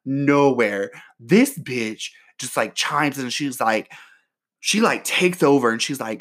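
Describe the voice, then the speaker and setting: A man telling a story in a casual, sassy way, full of "like", his voice leaping up when he gets excited. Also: slow. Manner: chatty and sassy, heavy use of "like"; animated, with voice jumping high when excited.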